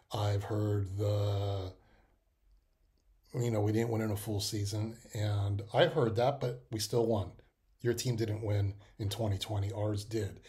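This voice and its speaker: Emotional rambling man. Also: fairly low pitch. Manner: emotional, rambling, with many restarts and fillers. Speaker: podcast host. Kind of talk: casual personal monologue.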